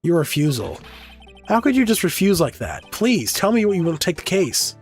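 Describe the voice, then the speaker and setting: A man reading a game's dialogue aloud at a middle pitch, springing higher and louder when he voices the hero. Faint game music runs underneath. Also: big pitch swings, moderate pace. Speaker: gaming YouTuber. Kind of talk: reading a visual novel aloud, doing voices.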